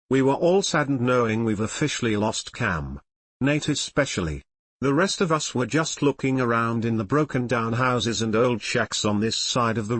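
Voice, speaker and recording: A man's voice: mid-range voice, no room sound. A man reading a fan fiction story aloud, giving the dialogue light voices. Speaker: reader.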